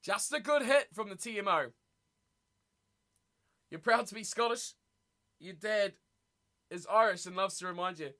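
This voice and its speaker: A man hosting a live watch party stream, reacting excitedly to a rugby match and chatting with viewers. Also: high-pitched, a little slow, pauses often. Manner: excitable, chatty, reads viewer messages aloud.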